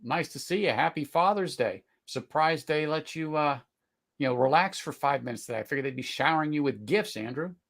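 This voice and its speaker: A middle-aged man hosting a live whisky tasting, talking casually, searching for words, then bursting into excited exclamations. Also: fairly high pitch, a little fast. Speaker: whisky tasting livestream host.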